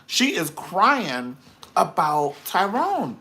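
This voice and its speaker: A man hosting a casual live-stream review, dishing gossip with sass and drama. His pitch swoops up and down as he talks, and he keeps breaking off to greet viewers in the chat. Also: huge pitch swings, very slow, sharp tone, a little hiss or hum. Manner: sassy, dramatic and gossipy, full of slang asides; chats with viewers in the live comments.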